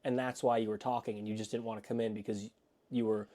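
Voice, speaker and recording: A man co-hosting a podcast, telling an excited, rambling story in casual chat from a home studio. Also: on the low side, fast talker, a crowd in the background. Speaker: podcast co-host.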